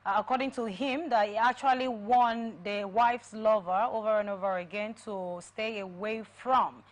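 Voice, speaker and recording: A woman's voice: medium pitch, fairly even intonation, normal speed. A woman hosting a talk show, interviewing a guest with probing questions and frequent fillers.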